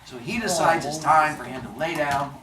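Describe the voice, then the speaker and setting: Woman, low voice, lively swinging pitch, playful storyteller, roomy distant sound, faint noise. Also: normal speed. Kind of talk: animated storytelling for children.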